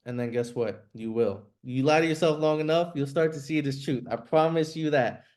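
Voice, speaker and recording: A man's voice: fairly high pitch, brisk, a little mellow. A man coaching a group over a video call speaks in a direct, blunt way. His talk is casual and sprinkled with swearing and the filler "like".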